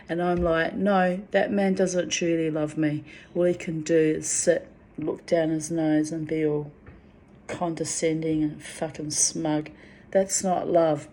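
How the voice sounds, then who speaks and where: Woman spiritual vlogger, slow and dark-toned, venting bluntly and with profanity. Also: sits low, little pitch movement, slight background noise. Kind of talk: emotional monologue to camera.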